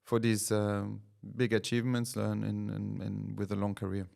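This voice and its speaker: Deep gravelly middle-aged man, hesitant. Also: completely flat delivery, moderate pace, darkish tone. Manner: hesitant, many fillers, laughs through anecdotes. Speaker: racing driver guest. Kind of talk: casual podcast chat.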